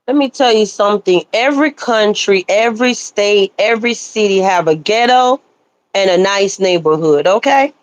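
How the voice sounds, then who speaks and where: A woman's voice: medium pitch, moderate pace, no room sound. A woman hosting a casual livestream chat, blunt and scolding as she talks. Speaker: livestream host.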